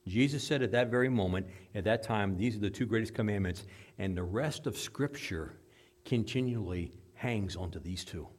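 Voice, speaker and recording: A male pastor preaching a sermon in a conversational way, repeating and restarting phrases, rising to loud emphatic bursts and dropping to quiet low asides. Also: normal speed.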